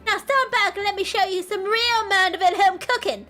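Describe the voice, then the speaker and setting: A woman's voice: very high voice, normal speed, pushed and bright, faint music behind, pitched above the performer's own voice. Woman putting on a bossy Southern mother. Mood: brisk. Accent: put-on American Southern. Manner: scolding, no-nonsense. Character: brash, bossy middle-aged mother.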